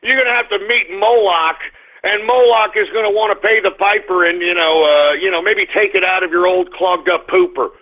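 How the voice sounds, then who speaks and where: His voice sits high, holding a steady tone at a moderate pace. As a radio host, he delivers a ranting monologue full of anger and profanity, breaking off for blunt market reports and lurching suddenly into shouts, all heard through a narrow phone-line sound.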